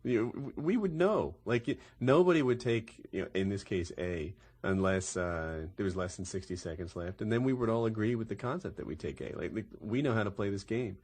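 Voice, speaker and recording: A man's voice: on the low side, animated, brisk, few pauses, darkish tone, husky. A young man chatting casually with friends about gaming, rambling and correcting himself as he tells stories. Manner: rambling, self-correcting storyteller. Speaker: YouTube gamer, podcast host. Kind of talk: casual group chat.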